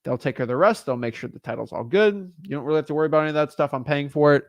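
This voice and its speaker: A young adult man teaching real estate wholesaling in a casual monologue, animated and exasperated, breaking into quick acted-out voices of sellers and attorneys. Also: a little high, no echo.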